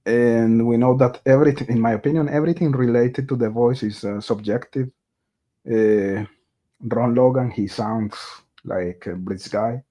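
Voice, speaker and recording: A man's voice: medium pitch, fairly even intonation, moderate pace, highs cut off. A man hosting a casual true crime livestream. He hesitates often, with lots of filler sounds and restarts, and he reads viewer chat aloud and greets viewers.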